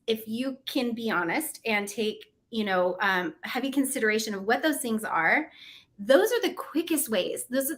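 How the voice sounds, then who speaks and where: A woman's voice: fairly high pitch, a bit bright. A woman, middle-aged, hosting a livestream and giving chatty, encouraging advice on goals, laughing often. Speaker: co-host of a goal-setting livestream. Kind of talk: casual motivational talk.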